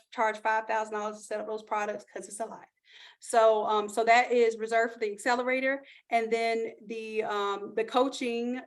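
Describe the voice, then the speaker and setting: Brief: higher-pitched woman, chatty livestream host making a sales pitch. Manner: chatty, upbeat, pitching offers to chat viewers. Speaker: online course host. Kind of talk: live-stream sales pitch.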